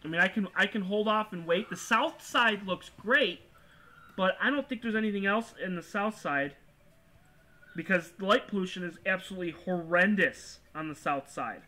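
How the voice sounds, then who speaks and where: A man with a high, bright, forward voice hosts a casual astronomy livestream. He talks over an online call in a loose, rambling way, full of restarts and filler words. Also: moderate pace. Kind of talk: casual live-stream chat.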